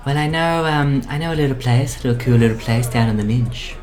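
Brief: eccentric, wheedling schemer, played by a performer, middle pitch. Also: a little fast, a little mellow, faint music behind, lightly acted. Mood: scheming. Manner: rambling, wheedling, grandiose. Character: eccentric scheming party planner, grandiose. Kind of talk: improvised comedy audio play.

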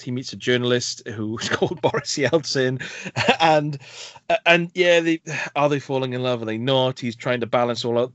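Man, casual film review, animated, mid-pitched, dry close mic. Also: dry recording, dull audio. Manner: animated, laughs and acts out scenes. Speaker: podcast co-host.

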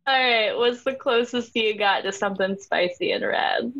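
A woman's voice: on the high side, moderate pace, a bit bright. Teasing woman player on a muffled mic. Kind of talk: tabletop game play.

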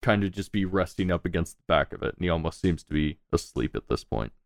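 A man's voice: sits low, animated, quick pace, creaky, no echo. A man running a tabletop game as game master, narrating in a loose, laid-back way with casual swearing.

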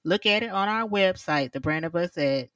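A woman's voice: lowish voice, animated, moderate pace, a bit bright, no echo, studio quality, recorded from a distance. Easygoing woman co-hosting a radio show. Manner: easygoing, short agreeable replies. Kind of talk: casual radio chat.

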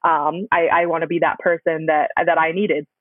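A woman's voice: low voice, flat delivery, normal speed, no room sound. A woman, a hockey player and mentor, answering interview questions earnestly with many ums. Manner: earnest, with frequent filler ums. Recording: thin phone-like call audio.

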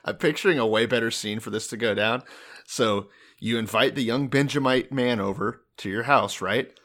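A man's voice: mid-range voice, moderate pace, a bit bright. A man co-hosting a podcast, chatting casually and sarcastically, sometimes reading passages aloud. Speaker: podcast co-host.

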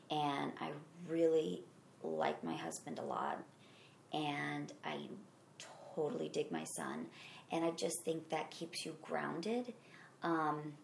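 A middle-aged woman with a Midwestern accent speaks in a low, gravelly voice. She answers earnestly and rambles, circling back and restarting her thoughts. The room around her is echoey. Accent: Midwestern American. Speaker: actor guest. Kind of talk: conversational interview.

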